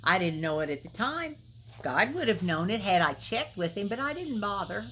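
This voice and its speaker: A woman's voice: mid-range voice, very animated, normal speed, a bit bright, slight background noise, rough recording. Folksy woman preaching to the viewer. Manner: folksy, storytelling, emphatic, asks the viewer questions. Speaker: Christian video minister. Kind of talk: devotional talk to camera.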